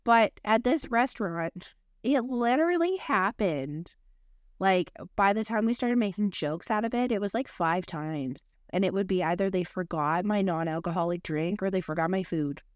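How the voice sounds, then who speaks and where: A woman's voice: medium pitch, animated, moderate pace, no room sound, clean studio sound. A woman co-hosting a podcast, telling candid, rambling stories in casual chat, full of fillers and asides. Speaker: podcast co-host.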